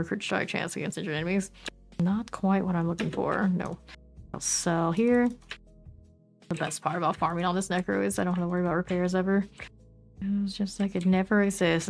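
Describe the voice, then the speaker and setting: Playing a game on stream, this Southern US woman keeps up easygoing, chatty commentary and reads item names aloud. Her voice is on the low side and creaky.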